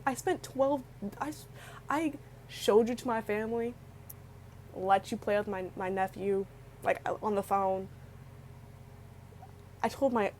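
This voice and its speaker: A woman's voice: medium pitch, a little slow, pauses often, darkish tone, slight background noise, low-quality recording. A young woman vlogger telling an emotional personal story in a rambling way, often restarting her sentences. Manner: emotional, rambling, with frequent restarts and quoted dialogue.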